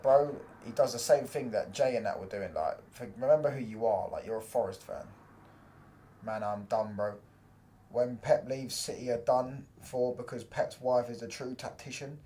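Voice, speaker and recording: A man's voice: medium pitch, mellow. Slangy young man hosting a football watchalong. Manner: slangy, chatty banter reacting to chat and live match. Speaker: watchalong streamer. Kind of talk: casual live football watchalong chat.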